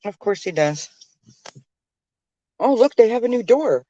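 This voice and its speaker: A woman's voice: fairly high pitch, animated, a little slow, dark tone, no room sound, lo-fi sound. A woman chatting casually from the passenger seat of a moving car, keeping up a running commentary full of fillers. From Canada. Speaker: vlogger, tarot reader. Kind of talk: casual chat while riding in a car.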